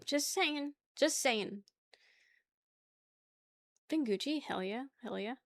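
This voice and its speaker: A young woman from the New York area chats casually with her stream chat, joking, laughing and rambling. Her voice is high-pitched and expressive, her pace slow, and the clean studio sound has no echo.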